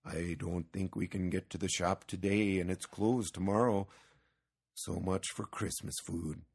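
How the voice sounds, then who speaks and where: A man voicing a calm, patient old farmer in a storybook reading, low, mild and dry. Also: unhurried, creaky, husky, heavily acted.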